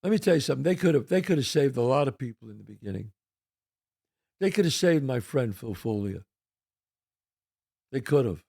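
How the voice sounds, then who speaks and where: A man's voice: mid-range voice, animated, brisk, vocal fry, long pauses, darkish tone. An older American man hosting his own show, delivering a heated, profane solo rant full of rhetorical questions. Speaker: podcast host.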